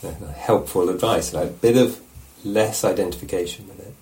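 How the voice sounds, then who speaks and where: A man teaching meditation in a relaxed, conversational dharma talk, often checking in with his listeners. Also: deep voice, brisk, slight background noise.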